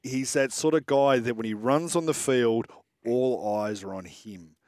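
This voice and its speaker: A man's voice: medium pitch, unhurried, a little mellow, no echo, studio quality. An Australian man co-hosting a sports podcast, agreeable and enthusiastic about his picks. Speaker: podcast co-host. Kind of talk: casual sports chat.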